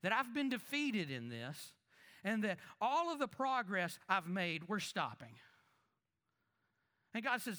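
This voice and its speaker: Pastor preaching in a lively conversational sermon. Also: male voice, high voice, unhurried, pauses often. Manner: conversational preaching with rhetorical questions to the congregation; swings between emphatic raised lines and quiet asides.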